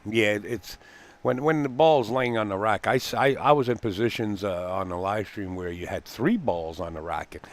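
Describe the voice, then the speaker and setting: Speaking at a moderate pace in a lowish voice, a man provides live pool match commentary from a pool hall booth. He's folksy and talkative, leaning on lots of fillers and laughing easily.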